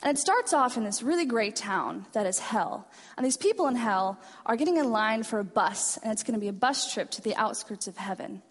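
A woman speaks to a student chapel in an earnest, lightly self-deprecating way, telling stories. Her voice sits fairly high, and it rings with a long hall echo. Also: expressive, fairly quick, husky. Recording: reverberant hall.

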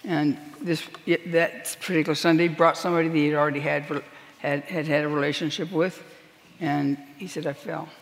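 A woman's voice: deep voice, fairly even intonation, a little fast. Earnest woman minister, emphatic sermon testimony, long hall reverb. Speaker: prison minister.

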